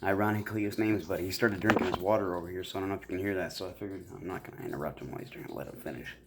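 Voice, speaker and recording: Midwestern guy, casual vlog ramble, somewhat low voice, lots of fillers. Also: fairly even intonation, very fast, noisy background. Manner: rambling, full of fillers and self-deprecating asides. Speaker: YouTuber.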